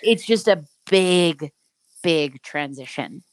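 A woman's voice: low voice, lively intonation, slow pace, no room sound. A woman co-hosting a podcast, telling her own story in a candid, reflective way. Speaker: podcast co-host. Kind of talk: casual podcast chat.

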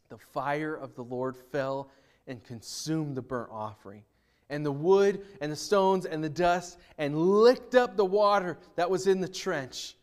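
A male pastor with a notably high voice delivering a sermon. His explanations are casual and full of restarts, and his scripture reading swings between loud and soft. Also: a little slow. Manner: animated reading, rising loud for quoted mockery and dropping soft for prayer.

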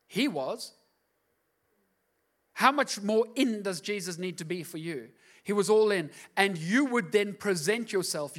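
Male pastor, middle-aged, high-pitched, impassioned preaching that swells to emphatic peaks. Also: animated, unhurried, a bit bright. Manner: passionate, rising to emphatic outbursts. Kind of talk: sermon.

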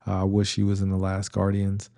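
A man's voice: low-pitched, completely flat delivery, a little fast, creaky, warm tone. A middle-aged man hosting a podcast, casually reviewing a comedy in a rambling way, with many fillers and restarts. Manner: rambling, lots of ums and restarts, chuckling. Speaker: podcast host reviewing movies. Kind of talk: casual movie review monologue.

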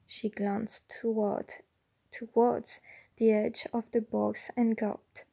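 A woman doing an amateur audiobook reading, stumbling and restarting here and there. Her voice is a bit high and soft-toned, and she reads very slowly. The recording is close and dry. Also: little pitch movement, gravelly, slightly rough, no echo, highs cut off. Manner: halting, with slips and restarts. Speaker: audiobook reader.

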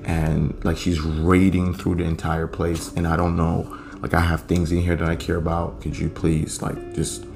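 A man's voice: low-pitched, monotone, normal speed, vocal fry, a little mellow. A young man hosting a podcast, telling a story in a laid-back, profane, rambling way. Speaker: podcast host. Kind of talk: casual storytelling.

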